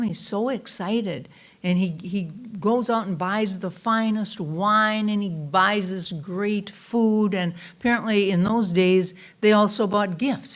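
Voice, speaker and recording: Woman minister telling a story. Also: mid-range voice. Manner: relaxed storytelling with fillers and restarts. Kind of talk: conversational Sunday talk. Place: church sanctuary.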